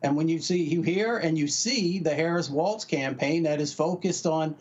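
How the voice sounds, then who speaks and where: A man commentating on a political panel in a measured, steady way. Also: a little high, muffled recording.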